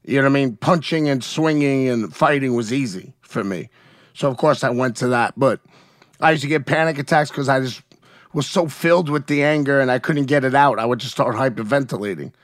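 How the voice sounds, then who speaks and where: A man's voice: mid-range voice, fairly quick, no room sound, clean studio sound. A man as an interview guest, talking frankly and emotionally about his feelings, often asking "you know what I mean?". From United States. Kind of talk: candid conversational interview.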